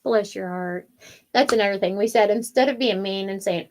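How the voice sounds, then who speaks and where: A woman's voice: medium pitch, moderate pace. Chatty, rambling woman telling a story. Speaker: wreath-making show co-host. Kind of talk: casual chat.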